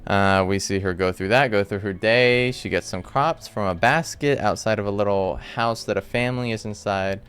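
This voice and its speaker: A man hosting a casual, rambling breakdown of a TV episode from a room at home, full of animated asides. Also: fairly low pitch, moderate pace, few pauses, clear, resonant tone, faint music behind. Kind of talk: casual recap commentary.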